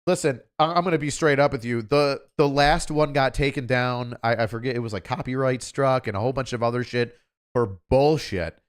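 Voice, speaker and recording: Smooth-voiced rambling male streamer. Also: mid-range voice, a little fast. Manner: rambling, offhand, with fillers. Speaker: livestream host. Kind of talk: casual livestream chat.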